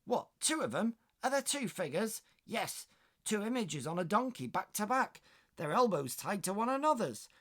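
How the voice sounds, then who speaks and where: A man reading aloud, voicing excitable West Country maidservants who gossip from their windows. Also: normal speed. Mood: excited. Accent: West Country (put on). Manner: high-pitched, eager, exclaiming.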